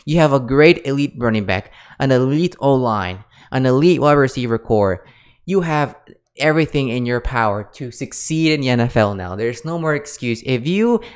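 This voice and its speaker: A man's voice: mid-range voice, clear, resonant tone. A man giving casual, emphatic sports fan commentary to camera, a bit out of breath, tacking "guys" and "okay?" onto his points. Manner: emphatic, fired-up, says "guys" and "okay?" a lot.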